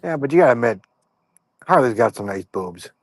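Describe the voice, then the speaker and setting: A man's voice: mid-range voice, expressive, fairly quick, no room sound. A man co-hosting a wrestling podcast, recapping a show in a laid-back, hesitant way. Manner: easygoing, hesitant, lots of ums and fair enoughs. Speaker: podcast co-host.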